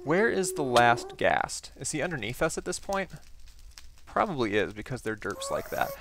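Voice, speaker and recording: A man hosting a game playthrough, chatting as he plays and breaking into excited exclamations. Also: mid-range voice, normal speed, background noise. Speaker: gaming channel host. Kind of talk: Minecraft let's play commentary.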